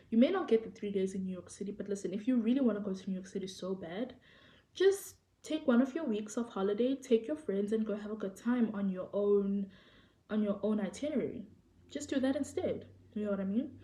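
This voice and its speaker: A young South African woman with a South African accent, telling a story to the camera in an animated, excitable way and acting out what people said. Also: mid-range voice. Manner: animated, excitable storytelling, acts out quoted people, repeats phrases. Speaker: vlogger. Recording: echoey room.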